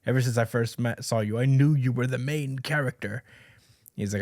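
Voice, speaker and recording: A man co-hosting a casual podcast, talking through a chapter plot and voicing the characters' lines in passing. He speaks with plenty of ums and restarts, at a mid pitch. The sound is dry and close to the microphone. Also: moderate pace, a little mellow, no room sound. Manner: conversational, many fillers, reads out character lines. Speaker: podcast co-host summarizing a manga chapter.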